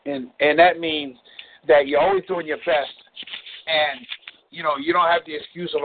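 A man coaches over a phone line, blunt and folksy, swearing to drive points home. His voice sits a little high. The sound is thin and tinny, like a phone call. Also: steady tone, moderate pace, a little hiss or hum. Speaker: relationship coach leading a call.

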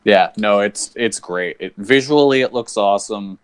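Podcast cohost dude, enthusiastic, swears casually, mid voice. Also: male voice, lowish voice, normal speed, smooth. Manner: enthusiastic, profane. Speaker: podcast co-host. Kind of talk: casual chat.

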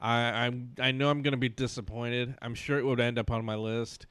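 A man's voice: medium pitch, flat delivery, normal speed, a bit bright, no echo. A man hosting a movie podcast in casual banter, steering the talk and asking his co-hosts for their picks. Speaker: podcast host. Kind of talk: casual film-review banter.

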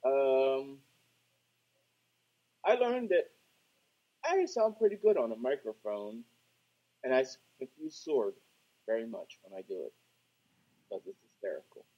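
A man co-hosting a casual podcast, playful, swinging between loud and soft delivery. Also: mid-range voice, very animated, moderate pace. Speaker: podcast co-host. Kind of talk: casual chat. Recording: dull lo-fi sound.

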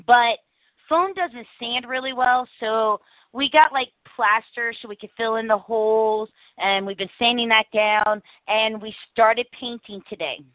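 A woman hosting a casual podcast chat, talkative and animated, laughing often. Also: on the high side, measured pace, dry recording. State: coughing after swallowing the wrong way. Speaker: podcast host. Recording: dry, phone-like audio.

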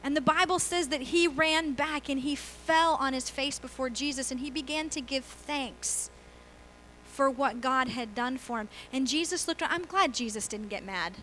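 A woman's voice: sits high, moderate pace, a bit bright, a little hiss or hum, rough recording. A woman pastor giving a conversational sermon, asking the congregation questions and laughing easily. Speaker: guest pastor.

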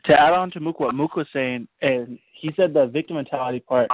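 A man's voice: medium pitch, brisk. A man taking part in a Bible study. He talks in a casual, rambling, reflective way. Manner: rambling, loose and conversational. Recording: dry, tinny phone line.

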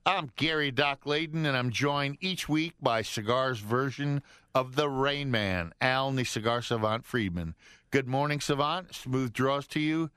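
A man's voice: mid-range voice, measured pace, a bit bright, clear, resonant tone, no echo. A man hosting a live radio talk show from a studio, upbeat and joking as he banters with his co-host. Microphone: studio microphone.

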